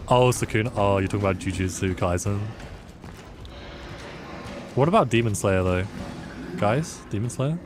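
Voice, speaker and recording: A man's voice: lowish voice, animated, moderate pace, long pauses, noisy background. A man from the UK casually commentating a game as a live streamer, reacting with sudden exclamations and chatting with viewers. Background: game music.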